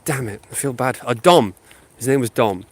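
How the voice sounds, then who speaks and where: A man's voice: mid-range voice, normal speed, a little hiss or hum. A man with a sniffly head cold, casually rambling to his viewers with lots of ums while he walks his dog outdoors and talks into a phone. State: sniffly with a sinus infection. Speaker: channel host. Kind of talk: casual live chat to viewers while walking. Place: outdoors, walking a dog through a housing estate. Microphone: phone held while walking.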